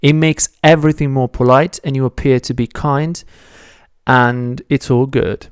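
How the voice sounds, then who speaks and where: A man's voice: mid-range voice, steady tone, unhurried, clean tone, dry recording, studio quality. A man teaching a beginner language lesson, patiently explaining step by step and correcting his own slips. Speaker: Italian teacher.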